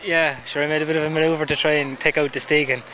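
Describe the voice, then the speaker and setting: Wry jockey in outdoor noise. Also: male voice, fairly high pitch, fairly even intonation, quick pace. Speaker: jockey being interviewed. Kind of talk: casual chat.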